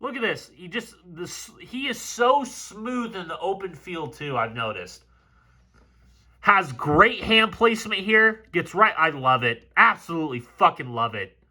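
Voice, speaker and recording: Excitable, foul-mouthed football breakdown guy. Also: high-pitched, a little slow. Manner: excitable, profane, gets fired up. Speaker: football film analyst. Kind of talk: film breakdown commentary.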